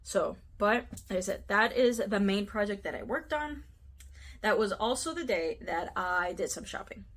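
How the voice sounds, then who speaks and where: A woman's voice: mid-range voice, normal speed, a bit bright. A woman from the United States chatting casually to camera about her craft trip, talkative and giggly, with lots of fillers. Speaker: cross-stitch vlogger.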